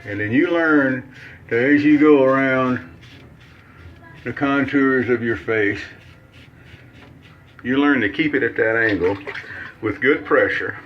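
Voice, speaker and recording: Demonstrating a shave in a casual video, this Mississippi man chats with a Southern accent, folksy and full of jokes and rambling. His voice is mid-range. The highs are cut off, and there is slight background noise.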